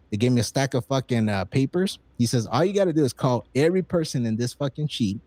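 A man in his forties telling stories in casual, profane chat, acting out quoted lines with excitement. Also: mid-range voice, fast, hardly any pauses, no echo. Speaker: podcast guest.

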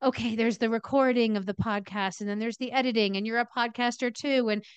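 A woman's voice: fairly high pitch, fairly even intonation, brisk, clear, resonant tone, no room sound. A woman hosting a casual podcast interview, effusive and affirming, often stumbling over her words. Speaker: podcast host.

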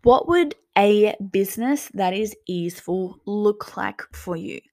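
A young woman hosting a coaching talk, gently guiding listeners through reflective questions. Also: mid-range voice, expressive, unhurried. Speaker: business coach and podcast host.

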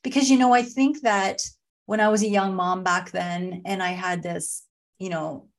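A woman's voice: fairly low pitch, moderate pace. A middle-aged woman, a podcast guest and author, telling funny family stories in a casual chat and laughing as she goes. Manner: animated, laughs through her stories.

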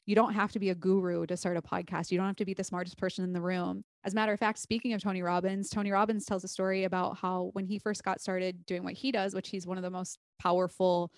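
A woman's voice: lowish voice, level tone, quick pace, hardly any pauses, dry recording. A woman podcast strategist as a guest, telling a story earnestly and casually.

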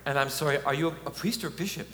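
Speaking fast in a fairly high voice, a man gives an earnest, chatty preaching talk punctuated by chuckles at a conference. The large hall makes the recording echoey, with a faint hum underneath.

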